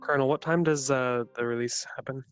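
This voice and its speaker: A man's voice: medium pitch, brisk, clear, resonant tone, soft background music. A man streaming a group game session, chatting casually and joking with his party. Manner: relaxed, jokey, laughs often. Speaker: streamer playing as mage. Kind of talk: casual gaming chat.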